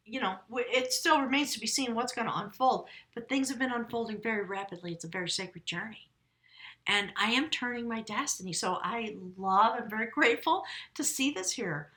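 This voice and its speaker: A woman's voice: fairly high pitch, a bit bright. A woman giving a casual spoken tarot reading, effusive and rambling, talking straight to her viewers and often correcting herself mid-sentence. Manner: talks directly to viewers, often self-correcting. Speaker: tarot reader.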